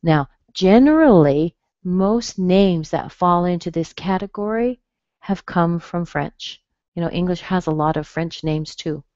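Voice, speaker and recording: A low-pitched American woman leads a live online pronunciation class, explaining patiently and stretching out each sound she demonstrates. Her voice comes through a dry, slightly dull lo-fi webinar recording. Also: animated, a little slow, darkish tone, dry recording. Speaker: pronunciation teacher.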